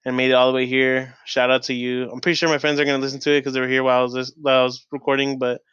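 A man's voice: mid-range voice, flat delivery, racing, a bit bright, smooth, no room sound. A young man hosting his own podcast, telling a rambling casual story full of "like" fillers and swearing. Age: young adult. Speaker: podcast host. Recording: dull, lo-fi dry recording.

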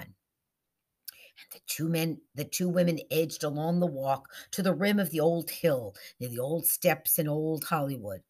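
A woman reading a story aloud with expression, dropping to soft whispers at tense moments. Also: low voice, unhurried. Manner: expressive, shifting into soft whispers and raised character voices.

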